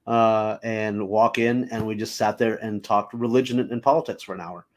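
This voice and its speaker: A man with a fairly low voice, chatting as a guest comedian on a talk show. He tells his stories casually and animatedly, with many ums and uhs, and he acts out the voices of the people in them. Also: normal speed. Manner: animated, filler-heavy, acts out quoted voices. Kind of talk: casual anecdotal storytelling.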